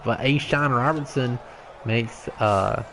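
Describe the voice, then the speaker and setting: Young guy doing live game commentary, mid pitch, talky n jokey, lots of hiss behind. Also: takes it slowly. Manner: chatty, joking, excitable on big plays. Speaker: gaming YouTuber. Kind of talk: live play-by-play over a video game. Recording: noisy home recording.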